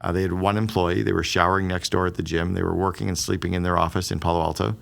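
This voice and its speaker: A middle-aged man, a guest on a business podcast, telling stories in a quick, animated conversational way and acting out the dialogue he quotes. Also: sits low, creaky. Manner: fast, animated storyteller who acts out quoted dialogue.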